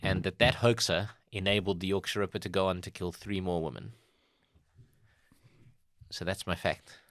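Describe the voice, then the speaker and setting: A man from South Africa co-hosting a comedy podcast, chatty and quick to laugh. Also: deep voice, fairly bright tone, no echo. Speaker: podcast co-host. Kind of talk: casual comedy chat.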